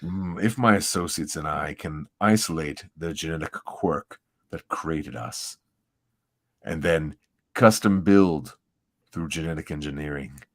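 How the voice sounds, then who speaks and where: A man's voice: rumbling low, dry recording, studio quality, heavily acted. A man doing a cold aristocratic villain. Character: sinister aristocratic male villain, cold and gloating.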